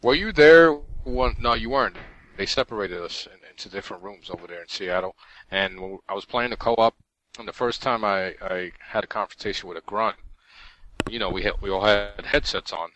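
Male podcast co-host, low but bright, animated storyteller who laughs a lot. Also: fairly quick, rough recording. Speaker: podcast co-host reading listener mail. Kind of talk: casual gaming podcast chat.

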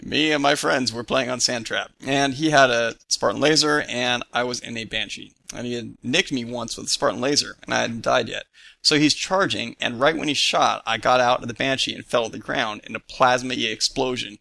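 A man co-hosting a gaming podcast, reading a listener's story aloud with upbeat quick reactions. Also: mid-range voice, fairly even intonation, gravelly, pushed and bright, dry recording. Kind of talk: casual chat, reading letters aloud.

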